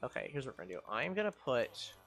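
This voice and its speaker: A woman's voice: a bass voice, sing-song, fast talker, fairly bright tone, soft background music. Exasperated woman streamer ranting at a game. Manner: exasperated ranting, swears, scolds game mobs. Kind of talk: live gameplay commentary.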